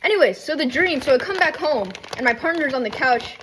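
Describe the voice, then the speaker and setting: A woman's voice: high-pitched, expressive, fairly quick, noisy background. A young woman ranting casually while cooking at home, rambling with lots of fillers, asides and swearing. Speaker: vlogger. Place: home kitchen.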